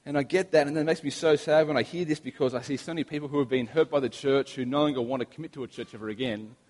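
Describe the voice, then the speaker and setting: A young Australian man preaching a sermon, telling relaxed, anecdotal stories with humor. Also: medium pitch, fast. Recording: long reverb of a large hall.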